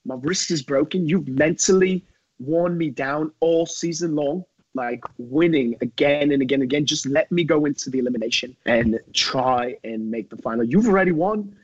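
A man's voice: on the high side, moderate pace, dry recording, muffled recording, natural voice. A man impersonating a battered young male rival who pleads earnestly and slides into a pirate-like voice. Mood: pleading. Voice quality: drifts into a pirate-like voice.

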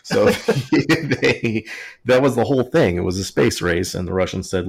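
A man's voice: on the low side, expressive, a little slow, creaky, slightly rough. A man hosting a casual history podcast, telling it in a jokey, sarcastic way. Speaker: podcast host.

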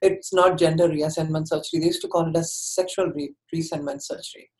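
A woman speaks in a lower register, telling her own story to an interviewer. She is candid and earnest, and her sentences often stall and restart as she works through them. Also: steady tone, a little fast, darkish tone, rough recording.

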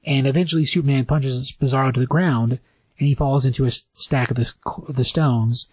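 Guy with a slightly husky voice rambling through a comic recap, dry close sound. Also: steady tone, brisk, darkish tone, dry recording. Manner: rambling, acts out quoted lines in higher voices. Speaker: podcast co-host reviewing comics. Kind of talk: casual chat recapping a story.

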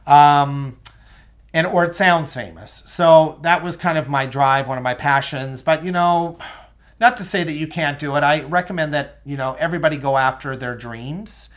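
A man's voice: a little high, moderate pace, a bit bright. A young man hosting a solo podcast, chatting casually and enthusiastically with many ums and asides to his listeners. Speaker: podcast host.

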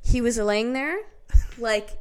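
A young woman with a slightly high voice chats casually as a podcast co-host. She tells her story in an animated, filler-heavy way, and the talk stays loose and conversational. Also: slow pace, clean tone. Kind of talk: casual chat.

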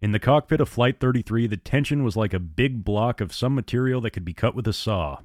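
A man narrating a story in a measured, descriptive way. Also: medium pitch, a little mellow, no room sound, clean studio sound.

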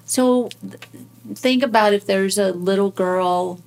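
A woman hosting a conversational interview, asking gentle, reflective questions with a few fillers. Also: medium pitch, slow. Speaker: podcast host.

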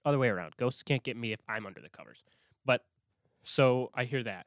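A young man from Minnesota telling a spooky childhood story in a casual, animated way, swearing often and dropping to a whisper when he quotes himself. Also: mid-range voice, fairly quick, no room sound, studio quality. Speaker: host.

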